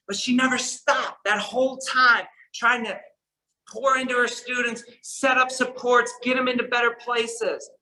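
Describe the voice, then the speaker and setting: A man with a high, bright voice delivers a storytelling conference speech. His tone is earnest and shifts between soft, quiet passages and emphatic ones. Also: rough recording. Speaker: keynote speaker.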